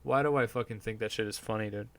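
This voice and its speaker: A man's voice: fairly low pitch, steady tone, quick pace, no echo. A man hosting his own podcast as a live stream, rambling and sardonic, swearing often and restarting his sentences. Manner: meandering, profane, full of fillers and restarts. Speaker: podcast host.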